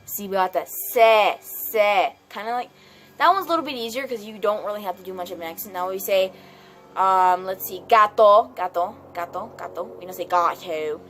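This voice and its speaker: A woman's voice: mid-range voice, fairly quick, faint music behind. A woman acting as a Spanish teacher in a playful home video, chatty and full of fillers, repeating herself often.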